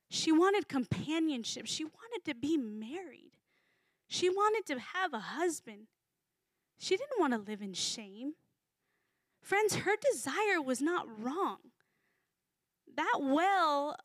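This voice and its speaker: A woman giving a sermon in a conversational, animated way, sometimes acting out voices. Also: sits high, dry recording. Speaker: preacher.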